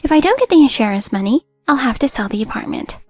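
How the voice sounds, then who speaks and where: A woman voicing a desperate, debt-ridden young widow who turns accusing and sharp. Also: high-pitched, big pitch swings, fast, breathy edge, soft background music, voice pushed up, heavily acted. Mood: pleading.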